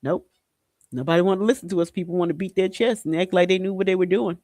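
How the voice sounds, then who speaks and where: A man from Haiti hosting a podcast, talking in a loose, slangy commentary style and breaking into loud whoops. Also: high voice, steady tone, rapid-fire, dry recording. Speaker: podcast host. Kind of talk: casual commentary monologue.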